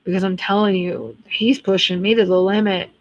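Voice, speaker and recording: A woman's voice: mid-range voice, flat delivery, moderate pace, highs cut off. A woman in her thirties with an American accent, chatting casually on a livestream, blunt and chatty and cursing freely. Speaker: livestream host reading chat. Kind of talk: casual chat.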